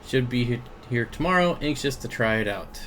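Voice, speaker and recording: A young man's expressive, fairly bright mid-range voice moves at a normal speed as he runs a casual aquarium livestream. Speaking into a desk mic over slight background noise, he says hello to viewers by name and laughs often while reading their comments.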